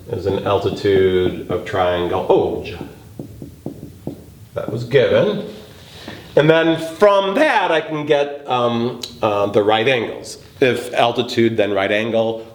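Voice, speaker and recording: A male math teacher talks through a geometry proof at an unhurried, deliberate pace. His voice sits at an ordinary pitch and carries the echo of a roomy space, with a faint hiss underneath. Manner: slow, thinking aloud while working a proof. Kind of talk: geometry lesson lecture. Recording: roomy recording with faint noise.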